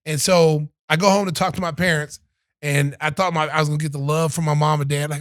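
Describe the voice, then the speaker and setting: A middle-aged podcast host with a voice on the high side talks fairly quickly in a dry, clean studio recording. Chatting casually, he tells a story as an animated storyteller, acting out what other people said.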